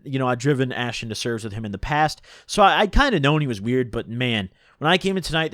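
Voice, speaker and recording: A young man casually telling a long story, rambling and animated, full of "like" and "dude". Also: a little high, dry recording, studio quality.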